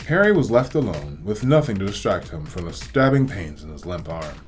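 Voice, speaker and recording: Lively low-voiced male storyteller. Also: fairly quick, few pauses, faint music behind. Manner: expressive, varied delivery. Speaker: reader, host. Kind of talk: storybook read-aloud.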